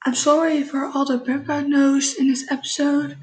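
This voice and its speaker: A teenage girl with a Dutch accent, speaking English as a second language. Her voice sits high, and she introduces herself in a slow, hesitant way, with plenty of ums and uhs. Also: fairly even intonation, a little hiss or hum, low-quality recording. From Netherlands. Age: teens. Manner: slow, hesitant, with many fillers. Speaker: vlogger. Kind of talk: casual self-introduction.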